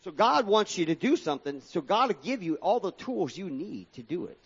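A man preaching a sermon as pastor, calling out to his congregation and swinging between pressing emphasis and quieter asides. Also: sits high, sing-song, a little fast, slightly rough, muffled recording. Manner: preaching with rising and falling emphasis, addressing the congregation as folks.

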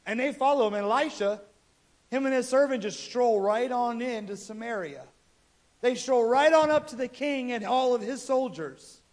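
A man with a strikingly high voice preaches, telling a scripture story in a loose, conversational way. He is animated and relaxed with his listeners. This is sermon storytelling. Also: normal speed. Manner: casual, animated retelling of scripture.

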